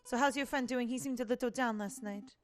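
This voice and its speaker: A woman voicing a polite, refined young female bird who speaks softly and courteously. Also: a little high, steady tone, fairly quick, faint music behind, natural voice. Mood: gentle. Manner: gentle, soft, courteous.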